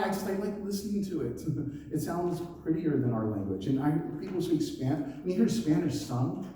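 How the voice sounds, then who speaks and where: A man's voice: fairly high pitch, expressive, fairly quick, warm tone. A man preaching a conversational sermon as pastor, mixing scripture reading with laughs and personal asides. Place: church hall. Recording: very echoey church hall, mic at a distance.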